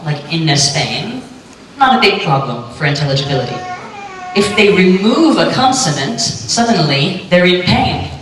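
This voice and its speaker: A woman giving a clear, lightly joking talk on pronunciation to a live audience at a conference. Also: low voice, fairly bright tone. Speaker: conference speaker on pronunciation teaching. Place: lecture hall. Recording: echoey hall, distant mic, faint hum.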